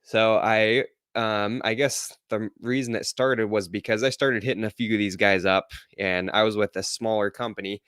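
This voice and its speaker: A man from Utah, answering interview questions in a relaxed, easygoing way and laughing often. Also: on the low side, normal speed, hardly any pauses, smooth, no room sound, studio quality. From Utah, United States. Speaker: podcast host as interview guest. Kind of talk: live-streamed interview.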